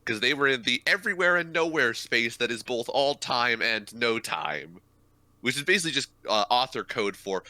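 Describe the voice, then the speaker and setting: A man's voice: medium pitch, expressive, moderate pace, sharp tone, no echo. A man co-hosting a casual anime podcast, swearing freely and retelling scenes with energy. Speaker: podcast co-host. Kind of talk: casual chat about anime.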